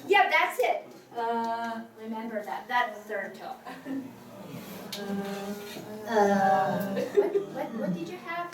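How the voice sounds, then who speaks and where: A Chinese language teacher, a woman with a high, sing-song voice, takes her time in a classroom, patiently saying tones aloud to demonstrate them and using lots of fillers. The recording is noisy and echoey, picked up from far across the room.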